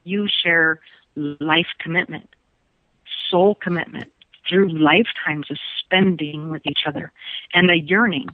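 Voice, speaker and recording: A woman's voice: deep voice, measured pace, no echo. A woman psychic speaking on a call-in radio show, emphatic and repetitive, often laughing. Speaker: psychic guest. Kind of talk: phone-in psychic reading. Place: phone call into radio studio. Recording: tinny phone line.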